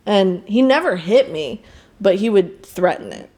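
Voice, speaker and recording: Young woman guest, candid and emotional storyteller, frank, mid-pitched voice. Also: expressive, unhurried, warm tone. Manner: emotional, frank, quotes others in raised voice. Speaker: podcast guest.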